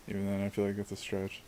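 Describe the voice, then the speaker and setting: A man's voice: on the low side, mellow, a little hiss or hum. A man casually chatting and joking while playing a co-op game, rambling and laughing often. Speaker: co-host. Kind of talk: casual gaming chat.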